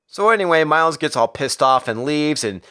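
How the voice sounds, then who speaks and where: A man's voice: fairly high pitch, animated, brisk, pushed and bright, clear, resonant tone. Profane sarcastic man reviewing comics. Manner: profane, sarcastic, jumps into character voices. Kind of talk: casual crude recap with acted quotes.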